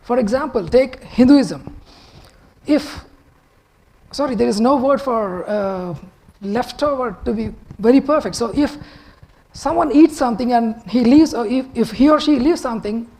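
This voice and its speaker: Man, husky voice, unhurried conversational public talk. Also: extremely high pitch, a little mellow, low-quality recording. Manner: unhurried, conversational, slightly halting. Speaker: TEDx speaker.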